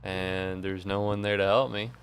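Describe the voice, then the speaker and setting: A man's voice: sits low, flat delivery, normal speed, soft background music. A tired young man streaming while he plays a game, chatting casually in a rambling, self-mocking way and swearing freely. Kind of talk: casual chat while gaming.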